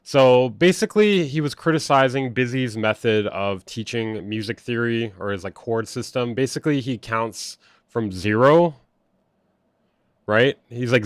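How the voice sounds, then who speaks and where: A man's voice: medium pitch, a little slow, dry recording, clean studio sound. A young man doing casual livestream commentary as a music producer, blunt and sarcastic, swearing freely as he reacts. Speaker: music producer streamer reacting to online drama.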